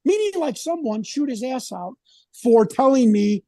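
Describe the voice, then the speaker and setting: A man's voice: very high-pitched, sing-song, a little slow, dark tone, dry recording. A man talking as an interview guest, rambling and indignant as he tells his story. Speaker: independent researcher, guest. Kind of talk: casual interview conversation.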